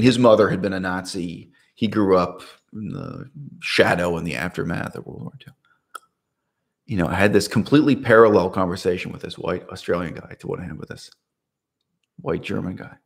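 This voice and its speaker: A man's voice: sits low, moderate pace, creaky, husky. A man talking to camera in a casual, unscripted monologue, rambling with restarts and asides. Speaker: video essayist.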